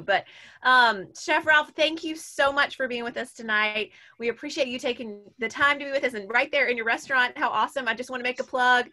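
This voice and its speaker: Bright, upbeat webinar host woman. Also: fairly high pitch. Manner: enthusiastic, quick short reactions. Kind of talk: webinar hosting.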